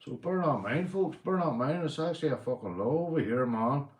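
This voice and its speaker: A man's voice: a little high, expressive, fairly quick, roomy sound. A Northern Irish man hosting a livestream, ranting bluntly and swearing often in casual talk to his chat. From Northern Ireland. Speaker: livestream host.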